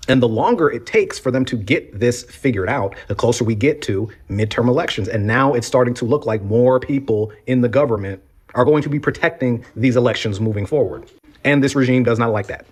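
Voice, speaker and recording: A man talking through politics at a middling pitch. He builds his case step by step, plain-spoken and steady, with an argumentative edge. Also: fairly quick, breathy edge. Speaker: political commentator. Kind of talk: reaction commentary.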